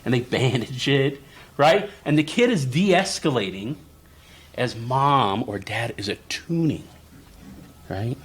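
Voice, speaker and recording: Husky and expressive, a medium-pitched male voice takes its time as a therapist presents at a conference. He narrates in a chatty, story-driven way, performs both parent and child voices, and keeps asking the crowd "right?" to stay connected with them.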